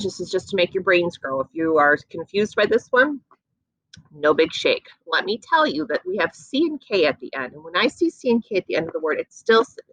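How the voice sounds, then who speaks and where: A woman teacher giving an encouraging phonics lesson to young children, slowly stretching out sounds. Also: fairly low pitch, a bit bright, no room sound.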